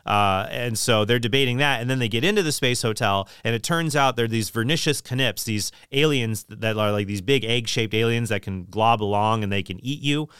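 A man's voice: medium pitch, normal speed, hardly any pauses, a bit bright, clear, resonant tone, no room sound, clean studio sound. A middle-aged man talking casually and opinionatedly about books, rambling with frequent restarts.

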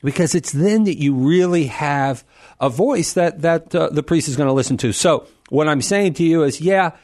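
A man answering a caller as a guest on a call-in radio show, earnest and animated, often laughing and repeating words as he thinks. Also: fairly high pitch, moderate pace, no echo, studio quality.

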